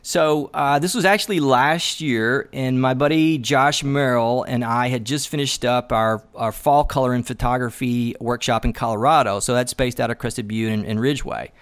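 A man's voice: mid-range voice, moderate pace, hardly any pauses, smooth. A man, a landscape photographer, telling a story in a casual chat, loose and chatty with lots of fillers, acting out what people said. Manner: animated storyteller who acts out dialogue.

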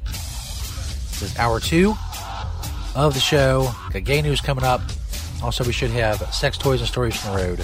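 Broadcasting live from a pub over a rowdy crowd and music, this man keeps things relaxed and jokey, cracking himself up at his own gags. He speaks briskly in a mid-range voice.

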